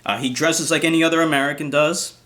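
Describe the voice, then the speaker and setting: A man's voice: a little high, steady tone, fast talker, sharp tone. Indignant, profane ranting man. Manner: indignant, profane, frequent restarts. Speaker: commentary vlogger. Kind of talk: ranting commentary vlog.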